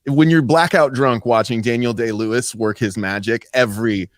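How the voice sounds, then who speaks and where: A man's voice: mid-range voice, fairly even intonation, dry recording, studio quality. A man in his thirties, a comedian guest joking around in casual podcast banter. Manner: joking, playful, quick asides.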